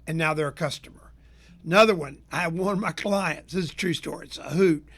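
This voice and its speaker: A man from Florida, a business consultant hosting his own show, telling sales stories in a folksy, energetic rant. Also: fairly high pitch, fairly quick, slightly rough. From Tampa area, Florida. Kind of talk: storytelling rant to listeners.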